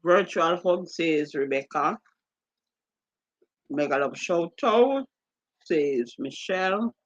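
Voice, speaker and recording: A woman's voice: lowish voice, expressive, takes it slowly, dry recording, dull audio. A woman with a Jamaican accent hosting a live stream, reading out viewer comments and greeting each viewer by name. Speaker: livestream host.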